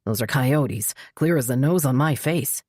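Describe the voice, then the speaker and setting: A gruff, grim small-town sheriff with a low, dark, clipped voice, as a woman narrator puts him on. His words come quiet and terse. The sound is dry and close. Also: expressive, a little slow, no room sound, exaggerated voice.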